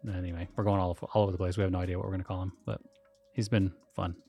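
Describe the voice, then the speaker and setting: Low gravelly man, laid-back chat. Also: flat delivery, rapid-fire, dark tone, faint music behind. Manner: easygoing, laughs often, rambling. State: recovering from sinus surgery. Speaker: podcast co-host. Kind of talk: casual chat.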